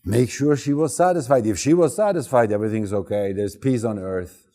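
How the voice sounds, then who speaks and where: A man's voice: lowish voice, a little fast, mellow. A man teaching, telling a personal story in an informal, storytelling way. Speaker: Human Design teacher. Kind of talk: talk to a group.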